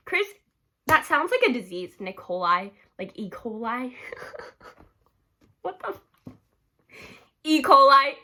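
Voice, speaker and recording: Giggly high-voiced young woman gushing. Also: sing-song, slow, long pauses, pushed and bright. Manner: giggly, gushing, heavy use of "like". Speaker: book vlogger. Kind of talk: casual rambling vlog.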